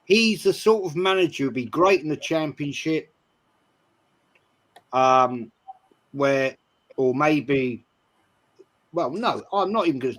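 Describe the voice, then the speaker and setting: A man hosting a football call-in show, giving measured but blunt opinions. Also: medium pitch, fairly bright tone. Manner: measured, blunt, dismissive of critics.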